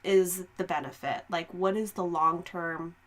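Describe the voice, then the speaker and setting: A woman co-hosting a podcast, chatting in a rambling, relaxed way and often saying "like". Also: on the low side, a little slow. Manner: rambling, relaxed, frequent "like" and quoted self-talk. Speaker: podcast co-host. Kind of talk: casual chat.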